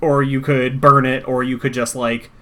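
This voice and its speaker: A man's voice: mid-range voice, level tone, moderate pace, bright, forceful tone. A man running a tabletop role-playing game as game master, talking casually with lots of fillers.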